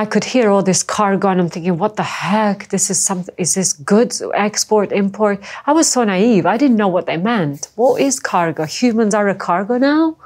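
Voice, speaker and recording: A woman from former Yugoslavia speaks as an interviewee, her voice sitting at an ordinary middle pitch. She talks in halting, emotional stretches. She stumbles and repeats words as she goes. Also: darkish tone. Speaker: interviewee, trafficking survivor. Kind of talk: personal testimony in an interview.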